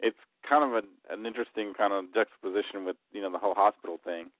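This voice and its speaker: A man cohosting a casual film review podcast, speaking in a halting, casual way. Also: on the low side, no room sound. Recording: dry, phone-like podcast line.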